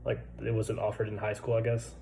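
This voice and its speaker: A man's voice: lowish voice, completely flat delivery, brisk, creaky, dark tone, slight background noise, rough recording. Laid-back stuttering man in his twenties. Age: 20s. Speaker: vlogger. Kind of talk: casual personal storytelling. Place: military barracks room.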